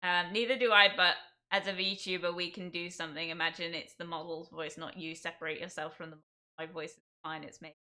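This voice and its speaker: Bright-voiced young English woman streamer. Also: lowish voice, level tone, a little fast. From England. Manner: chatty, reading and answering chat, laughs often. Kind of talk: casual livestream chat.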